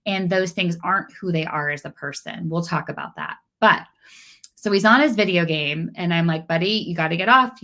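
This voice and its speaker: A middle-aged woman giving a casual parenting talk, animated and acting out exchanges with her kids. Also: on the low side. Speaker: parenting speaker.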